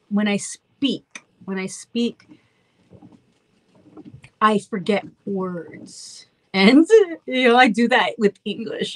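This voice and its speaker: A woman's voice: mid-range voice, no echo, poor audio. Chatty woman with a childlike voice. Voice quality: childlike, slightly babyish voice. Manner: chatty, warm-hearted, rambling with self-interruptions. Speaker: host of a virtual meet and greet. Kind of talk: casual chat with fans. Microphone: phone.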